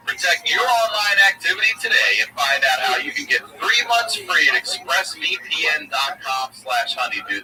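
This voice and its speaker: A man hosting a podcast, reading a sponsor ad in a brisk, casual manner. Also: mid-range voice. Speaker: podcast host. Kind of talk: read sponsor ad. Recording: distant mic, loud background noise.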